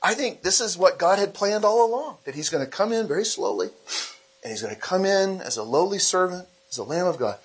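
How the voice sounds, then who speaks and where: A man's voice: high-pitched, fairly quick, husky. A man preaching a sermon as pastor, reading scripture aloud and explaining it, slipping into acted voices for the people in the story. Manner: animated, acts out quoted voices.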